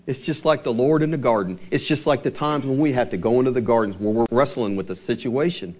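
A male pastor giving a sermon, asking the congregation rhetorical questions and slowing down for emphasis. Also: mid-range voice, a little mellow.

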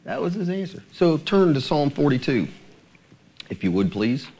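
A man's voice: fairly high pitch, sing-song, normal speed, mellow, husky. A male pastor preaching a sermon, asking his congregation rhetorical questions.

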